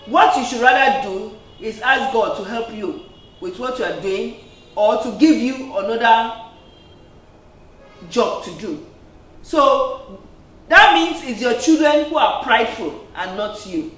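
A woman's voice: a little high, animated, a little slow, a bit bright. A woman preacher giving an earnest sermon, peppered with "amen" and "praise the Lord". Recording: echoey room, distant mic.

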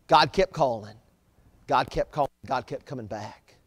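A man preaching a sermon as pastor, pressing points with rising emphasis and letting line ends fall soft. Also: mid-range voice, moderate pace, long reverb tail. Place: church sanctuary.

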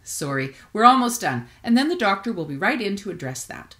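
A woman's voice: mid-range voice, very animated, brisk, a bit bright, pitched above the performer's own voice. A woman doing a sing-song, cheerful dental assistant.

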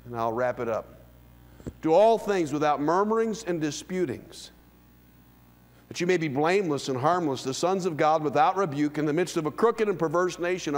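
Casting note: fifty-year-old male pastor, very high voice, preaching with big swings from quiet murmurs to ringing shouts. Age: 50s. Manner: swings from hushed low lines to loud high calls. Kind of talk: sermon. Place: church sanctuary. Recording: long hall reverb.

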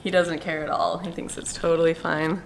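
A woman's voice: low-pitched, flat delivery, moderate pace, gravelly, slight background noise. A woman hosting a casual vlog at an animal park, chatting bubbly to the camera and cooing and squealing at baby animals.

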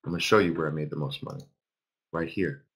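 A man's voice: rumbling low, quick pace, a bit bright, husky. A man in his fifties teaching a live trading class, emphatic, repeating phrases and quizzing his audience. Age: 50s. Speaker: trading instructor.

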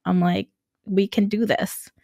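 Gravelly-voiced Nicaraguan-born woman storyteller. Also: medium pitch, measured pace, dry recording, studio quality. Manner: animated, laughs often, acts out quoted dialogue. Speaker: guest, construction entrepreneur. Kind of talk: casual storytelling interview.

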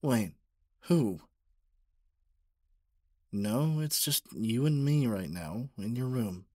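A man voicing an obsessive young male stalker in a whispered role-play, talking softly with stammers and pleas. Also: medium pitch, animated, slow, husky, dry recording, studio quality. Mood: soothing. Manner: soft, stammering, pleading.

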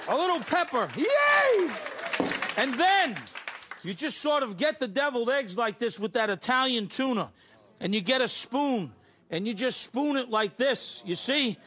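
A man's voice: extremely high pitch, bright, forceful tone. A middle-aged man hosting a live cooking show, talking emphatically and coaxing the audience with repeated "okay?" and "you see?". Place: TV studio kitchen with live audience. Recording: studio audience and background noise.

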